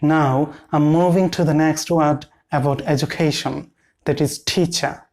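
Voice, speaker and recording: A man gives a pronunciation lesson at a very slow, deliberate pace. He repeats each word several times for the viewer to copy, like a teacher drilling a class. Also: a little high, steady tone, a little mellow.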